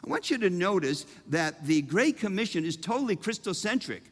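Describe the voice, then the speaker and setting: A man preaching a sermon, emphatic and humorous, with dramatic pauses. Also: sits high, sing-song. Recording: reverberant hall.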